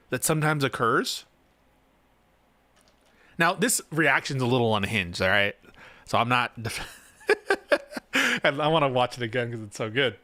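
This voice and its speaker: A man hosts a casual reaction stream, tossing out sarcastic jokes and laughing between remarks. His voice is bright, and the recording is close and dry. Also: medium pitch, no room sound. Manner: sarcastic, laughing, joking asides. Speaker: streamer host.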